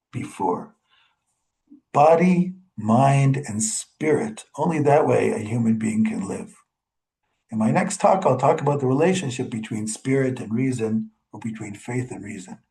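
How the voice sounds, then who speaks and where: A man's voice: medium pitch, darkish tone, poor audio. A man, a rabbi, giving a conversational holiday sermon with fillers and retold stories.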